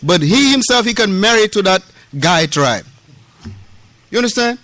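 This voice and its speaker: Man from West Africa, mosque lesson, emphatic and repetitive, street slang with Arabic terms, bright forceful tone, dry sound. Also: high-pitched, animated, normal speed, no room sound. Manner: acts out quoted dialogue. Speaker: Islamic lecturer. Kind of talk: mosque lesson explaining a classical text.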